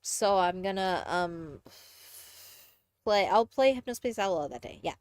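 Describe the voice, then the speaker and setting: A woman's voice: mid-range voice, animated, unhurried, clean tone, dry recording. Young woman, mixed Southern and Midwestern accent, rambling stream chat, dry close mic. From Texas, USA. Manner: rambling, self-correcting, chatty. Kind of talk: casual live-stream chat, reading aloud.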